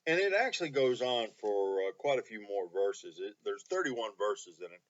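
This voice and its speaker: A pastor leading a Bible study, speaking earnestly with many pauses and reading scripture with feeling. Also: male voice, fairly low pitch, animated, lo-fi sound. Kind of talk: online Bible study teaching.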